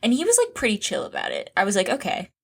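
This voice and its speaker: Woman co-host on a podcast, mid pitch, dry sarcastic jokes. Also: wildly swooping pitch, rapid-fire, creaky, breathy edge. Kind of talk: casual chat.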